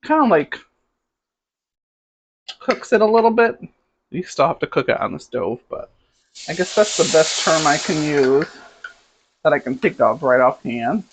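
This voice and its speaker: A woman's voice: low voice, animated, unhurried, long pauses. A middle-aged woman hosting a cooking video from her home kitchen, chatting in a casual, rambling way as she works. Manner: chatty, rambling, talks to camera while cooking. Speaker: cooking show host. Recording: noisy kitchen with clattering dishes. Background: pots, pans and dishes clattering.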